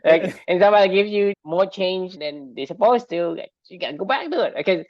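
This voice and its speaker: A woman co-hosting a podcast, chatting casually in an animated, agreeable way. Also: on the low side, a little fast, no room sound, muffled recording. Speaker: podcast co-host.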